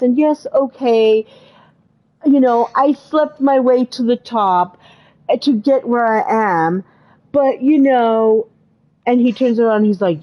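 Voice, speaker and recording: A woman's voice: a little high, a little slow, highs cut off. A woman co-hosting a podcast, chatting casually and retelling movie scenes with exclamations and fillers. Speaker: podcast co-host. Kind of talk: casual chat.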